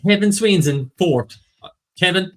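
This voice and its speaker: Quiz host reading out standings. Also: male voice, high voice, animated, a bit bright. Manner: reads out standings briskly, jokes with co-host. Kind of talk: casual live-stream chat.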